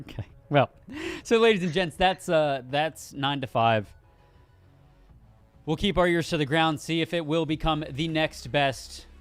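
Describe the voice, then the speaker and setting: A man's voice: on the high side, a little slow, clean tone. Chatty man co-hosting a gaming show, music behind. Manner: rambling with restarts, reads news aloud. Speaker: co-host. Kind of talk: casual gaming news chat.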